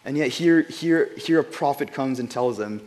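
A man giving an informal Bible devotional, earnest and conversational, often repeating words as he goes and dropping quiet at emotional points. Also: mid-range voice, moderate pace.

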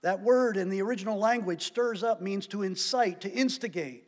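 A man preaching a sermon, stressing key words loudly and then dropping to quiet asides. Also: sits high, moderate pace. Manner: emphatic preaching, swinging between loud stresses and quiet drops. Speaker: pastor. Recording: long hall reverb.

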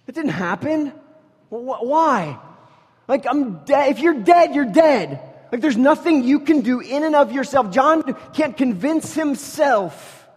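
A man with a notably high voice preaches from the pulpit, his words trailing off into the long reverb of a church hall. He swings between loud, emphatic declarations and near-hushed intensity. He keeps the congregation close with joking asides and stories. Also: animated, unhurried, slightly rough. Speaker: pastor. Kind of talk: sermon. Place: church sanctuary.

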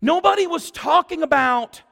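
A man preaching a sermon as pastor, animated and exclamatory, acting out what people say. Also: very high-pitched, moderate pace, vocal fry. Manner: animated, exclamatory, acts out quotes. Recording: long church-hall reverb.

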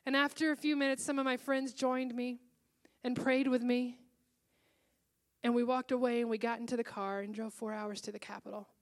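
Earnest woman pastor preaching, fairly high voice. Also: little pitch movement, normal speed. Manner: earnest, emotional storytelling. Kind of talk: sermon with personal testimony. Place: church before a congregation.

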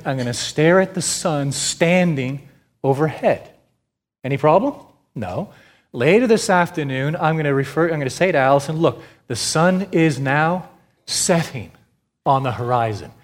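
A man preaching a sermon emphatically, repeating phrases and asking and answering his own questions, his voice swinging between loud stress and quiet drops. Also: fairly high pitch. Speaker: pastor. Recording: long hall reverb.

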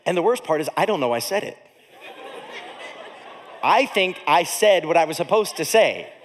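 A male pastor tells a story from the pulpit with a high, very lively voice that leaps up and drops low. His delivery is comic and animated, with big swings in volume, and it rings out through a large hall with a long echo. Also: normal speed, a little hiss or hum. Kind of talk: storytelling sermon.

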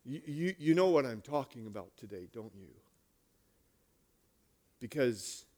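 A male pastor preaching a sermon, retelling stories with lively swings between hushed and loud delivery. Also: medium pitch, unhurried.

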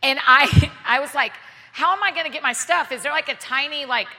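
A woman with an American Southern accent telling a self-deprecating story to a live audience as a guest speaker, animated and often laughing. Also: high-pitched, fairly quick. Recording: long reverb of a large hall.

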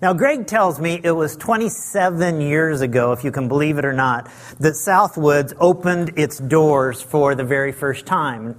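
A man with a notably high, light voice addresses a church congregation as a visiting preacher. He talks in a friendly, self-deprecating way, leaning on fillers and restarts. His pitch sits a little above most men's. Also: measured pace. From Southern California. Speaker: guest pastor. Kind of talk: sermon. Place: church sanctuary.

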